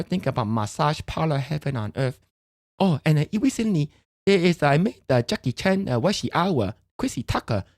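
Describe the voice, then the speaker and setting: A man's voice: on the high side, dry recording, clean studio sound. A man putting on a crude, rambling middle-aged immigrant dad who speaks broken English and tags lines with "lah". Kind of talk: comedic character monologue on stream.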